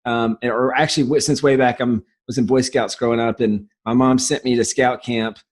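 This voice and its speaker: A man's voice: medium pitch, steady tone, normal speed. A man from South Carolina with a light Southern US accent, a guest telling his business story in a casual podcast interview, enthusiastic, with frequent restarts.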